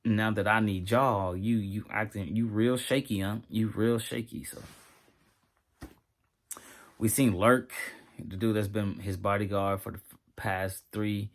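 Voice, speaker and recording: Dude doing a laid back reaction review, lowish voice, animated, chatting to his viewers. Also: measured pace. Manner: animated, talks straight to viewers, scolds his dog. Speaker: TV episode reviewer.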